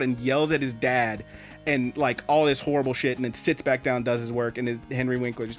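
A man co-hosting a podcast, telling a story in casual chat, animated and swearing freely. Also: mid-range voice, a little fast, soft background music. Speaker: podcast co-host.

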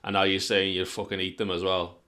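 A man's voice: low voice, fairly quick. A man, co-hosting a podcast in casual, sweary banter. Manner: sweary, animated storytelling. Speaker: podcast co-host.

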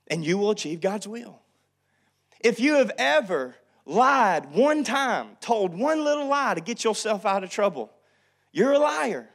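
A pastor in his thirties preaching a sermon, acting out family quarrels and swinging from loud to hushed. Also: high-pitched, lively intonation, normal speed.

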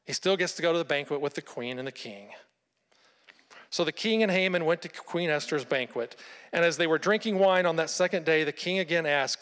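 A man preaching a sermon, retelling a Bible story with lively storytelling and rhetorical questions to his listeners. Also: fairly high pitch, fairly quick, long reverb tail. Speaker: pastor.

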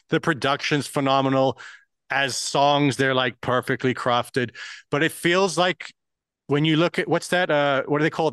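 A man's voice: medium pitch, dry recording. Profane rambling podcast man, dry sound. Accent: mixed. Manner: rambling, profane, animated musing. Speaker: podcast co-host. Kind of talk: casual chat.

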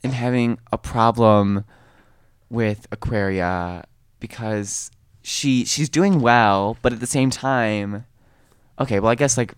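A man co-hosting a casual chat, rambling and self-correcting as he talks, quick to laugh. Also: mid-range voice, smooth, no echo. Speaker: podcast co-host. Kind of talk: casual chat recapping a reality show.

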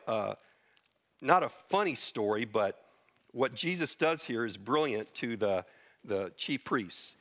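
Bright-voiced middle-aged male preacher. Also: medium pitch. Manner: earnest, unscripted Bible teaching, with restarts and quoted verses. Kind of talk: sermon.

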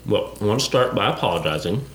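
Man, tabletop player, deep voice, echoey, faint music. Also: expressive, a bit bright. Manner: quick, joking banter. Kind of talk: casual tabletop play.

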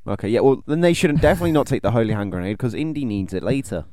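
A man co-hosting a podcast, joking around and reacting quickly as a film is recapped. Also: medium pitch, animated, a little mellow, no room sound, clean studio sound. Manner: jokey, quick reactions, laughs often. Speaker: podcast co-host. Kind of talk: casual film recap chat.

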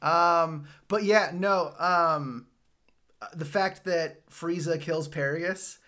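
A man with a somewhat raised pitch talking in a loose, casual chat. He laughs often and stumbles through fillers and restarts as he goes. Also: slow pace, sharp tone. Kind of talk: casual chat about anime.

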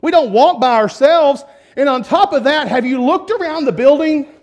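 A male preacher telling a story in a sermon. He speaks emphatically and swings between loud and hushed. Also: very high-pitched, animated, moderate pace.

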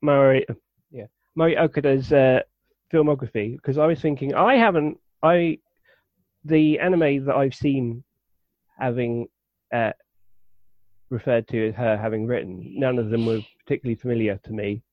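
A man co-hosting a podcast, talking casually and haltingly as he thinks aloud. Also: mid-range voice, dry recording. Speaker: podcast co-host. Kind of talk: casual chat. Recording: dry, slightly dull mic sound.

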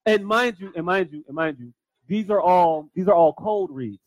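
A man's voice: high-pitched, expressive, moderate pace, no room sound, poor audio. A man hosting a comedy podcast, telling a story in loose, profane banter and repeating "hey, look" to keep the floor. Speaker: podcast host. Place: studio with a live audience.

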